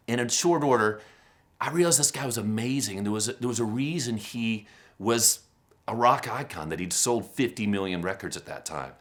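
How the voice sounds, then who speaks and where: Keynote guy in his 50s, kinda low voice, animated self-deprecating storyteller. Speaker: keynote speaker.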